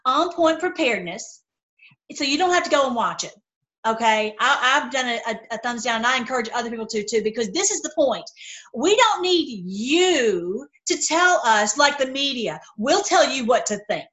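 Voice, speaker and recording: Brief: middle-aged woman, high voice, impassioned solo commentary, stumbling restarts. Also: expressive, moderate pace, fairly bright tone, poor audio. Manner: impassioned, heated, repetitive restarts. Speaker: video commentator. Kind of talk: casual opinion monologue.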